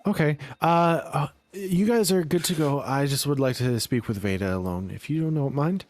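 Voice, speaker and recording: A man voicing a prim, worried middle-aged mother in a higher voice. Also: animated, normal speed, a little mellow, no echo, faint music behind, close to an everyday voice. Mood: reassuring.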